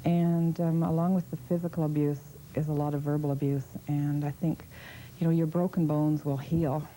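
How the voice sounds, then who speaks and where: A woman's voice: sits low, little pitch movement, moderate pace, dark tone, slight background noise, rough recording. A woman giving personal testimony in a documentary interview, plain-spoken and direct.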